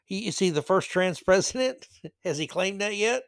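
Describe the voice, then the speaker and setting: A man with a somewhat high voice hosts his own podcast, drifting into sarcastic, mocking asides as he goes. The sound is close and dry, with no room around it. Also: expressive, moderate pace, vocal fry, a bit bright, no echo. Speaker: podcast host. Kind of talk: solo political commentary podcast.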